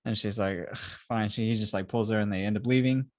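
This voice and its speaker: A young man hosting a casual review chat, retelling scenes in an animated way and acting out the characters he quotes. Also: lowish voice, fast talker, no echo. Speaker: show host.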